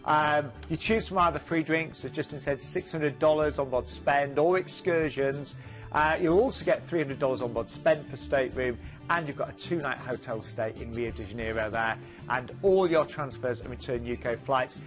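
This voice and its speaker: A man's voice: mid-range voice, moderate pace, faint music behind. A man with a northern English accent presenting cruise deals on a shopping channel, friendly as he reads out prices and what is included. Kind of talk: shopping channel sales chat.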